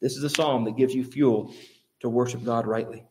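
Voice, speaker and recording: A male pastor preaches a sermon. His mid-pitched voice climbs sharply high on key points and hammers home repeated phrases for emphasis. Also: steady tone, moderate pace, mellow, slight background noise.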